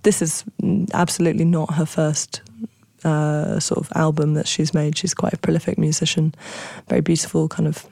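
Woman radio presenter, low and dark-toned, casual and self-deprecating, recorded close and dry. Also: little pitch movement, moderate pace, vocal fry, no room sound. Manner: chatty, self-correcting, amused by her own pronunciation. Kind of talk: casual radio link between songs.

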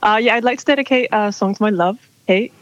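A woman's voice: medium pitch, fast talker. Rambling woman on a phone line. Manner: rambling, lots of fillers. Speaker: caller. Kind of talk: casual phone chat. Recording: dull dry phone line.

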